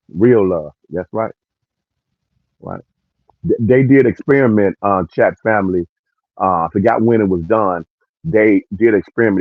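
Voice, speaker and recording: A man's voice: on the low side, no room sound. Male livestream host, preachy and emphatic, dry and muffled lo-fi sound. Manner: preachy, drawn-out emphatic points. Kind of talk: casual opinion chat.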